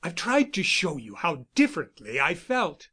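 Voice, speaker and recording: A man's voice: on the high side, wildly swooping pitch, normal speed, pushed and bright, slightly rough, exaggerated voice. A man reading the part of a persuasive, insistent suitor who speaks with urgent, coaxing force. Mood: assured.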